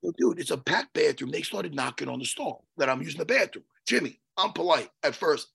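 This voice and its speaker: Animowany mężczyzna z chrapliwym, wysokim głosem. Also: male voice, fairly high pitch, fairly quick, creaky, breathy edge. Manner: animated, swearing, acts out his own quotes loudly. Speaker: podcast co-host. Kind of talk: casual podcast storytelling.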